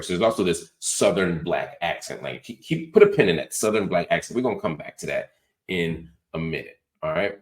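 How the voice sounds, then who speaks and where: Deep-voiced sarcastic man. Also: fairly quick. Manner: animated, sarcastic, mocking. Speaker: host. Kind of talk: political commentary.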